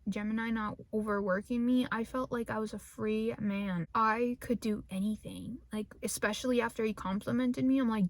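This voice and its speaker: A woman's voice: mid-range voice, dry recording. A young woman rambling casually about her day at work, joking at her own expense and now and then dropping into a whisper. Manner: joking, self-mocking, drops into whispers. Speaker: vlogger.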